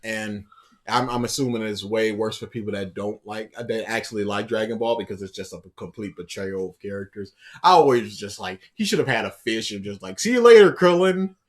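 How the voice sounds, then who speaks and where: A man co-hosting a casual anime podcast, rambling with restarts and growing loud and laughing when he retells scenes. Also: lowish voice, brisk. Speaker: podcast co-host. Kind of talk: casual chat.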